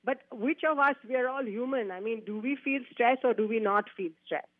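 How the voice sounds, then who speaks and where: A woman's voice: on the high side, a little fast, no echo. Woman talking over a tinny phone line. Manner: chatty, laughs often, restarts phrases. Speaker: golf instructor guest. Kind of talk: casual radio interview. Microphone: phone call.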